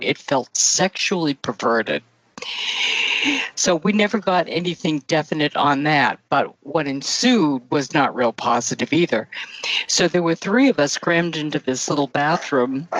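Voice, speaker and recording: A woman author recounting a paranormal investigation in an interview, halting, with frequent fillers and restarts. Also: deep voice, dry recording, rough recording.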